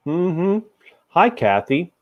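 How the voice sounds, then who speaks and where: A man's voice: high voice, big pitch swings, very slow, narrow, tinny audio. A middle-aged man from Tennessee hosting a casual livestream chat over a video call, chatty and easygoing, laughing often. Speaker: host.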